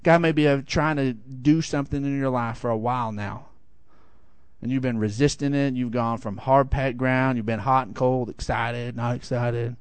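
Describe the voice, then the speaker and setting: A middle-aged man preaching a sermon, telling a lively personal story and swinging high for the quoted voices. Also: normal speed, smooth, no echo. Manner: animated storytelling, rising high for acted quotes. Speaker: pastor.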